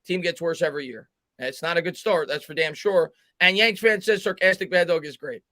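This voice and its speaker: A man hosts a live sports stream, calling plays and reading out viewer comments. His voice is high and bright. The sound is dry and close. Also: no room sound. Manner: fast commentary, reads viewer chat aloud, halting restarts. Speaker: host doing play-by-play.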